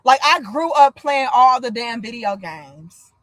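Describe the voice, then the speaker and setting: Unhurried and slightly high, her voice comes through with no room sound. She's a thirtysomething US woman hosting a relaxed livestream chat, telling lively stories in a blunt, profane way.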